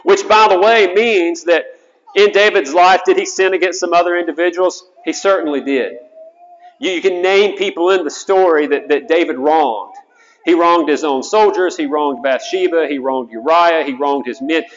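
A man's voice: a little high, moderate pace. A man, a chaplain, preaching an earnest sermon, often repeating words as he goes. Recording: dull sound with long hall reverb.

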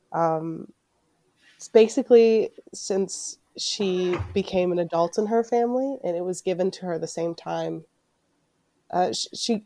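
A woman playing a tabletop game, explaining her character in a measured way with frequent ums. Her voice is fairly low for a woman and sounds dry and close. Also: dark tone, dry recording. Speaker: player.

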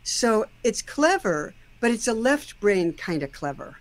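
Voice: mid-range voice, sing-song, a little slow. A host giving a casual, thoughtful critique of a song's lyrics, explaining at length and now and then singing a line or two.

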